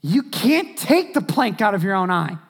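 A man preaching a sermon as pastor, animated, swinging from loud shouts to hushed, near-whispered asides. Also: sits high, moderate pace, slightly rough.

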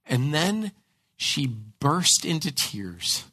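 A man preaching a sermon as pastor, telling a personal story in an animated way with frequent repeated words. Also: on the high side, very slow, breathy edge, no room sound.

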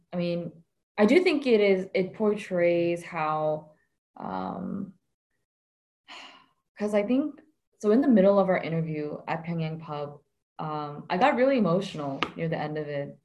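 A woman's voice: lowish voice, a little mellow. Chatty, reflective woman guest. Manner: chatty, many fillers, reflective. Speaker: interview guest, reporter. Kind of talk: casual conversational interview.

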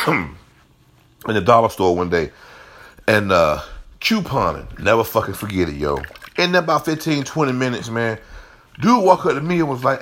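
A man's voice: mid-range voice, very animated, normal speed, fairly bright tone. A man telling a rambling, profane story in a casual monologue.

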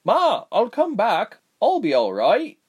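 A man's voice: extremely high pitch, wildly swooping pitch, slow, voice pushed up, exaggerated voice. A man voicing an eager young man who works at his parents' inn, calling out with urgency. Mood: urgent.

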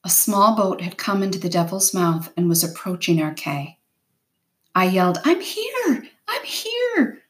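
A woman reading a novel aloud in first person with steady, unhurried storytelling. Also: on the low side. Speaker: reader.

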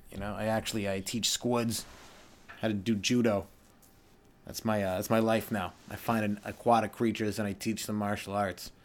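A man's voice: on the low side, a bit bright. Man rambling through a comedy rant. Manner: rambling, riffs into goofy voices for bits. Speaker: stand-up comedian, podcast host.

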